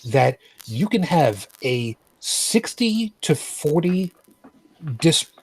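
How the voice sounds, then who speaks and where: Husky, lively male podcast co-host. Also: fairly high pitch, very slow, low-quality recording. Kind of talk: casual political chat.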